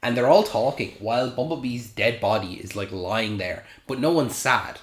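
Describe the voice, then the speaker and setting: A man co-hosting a film podcast, talking casually in a measured, reflective way. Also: mid-range voice. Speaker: podcast co-host. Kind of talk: casual film review chat. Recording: roomy echo.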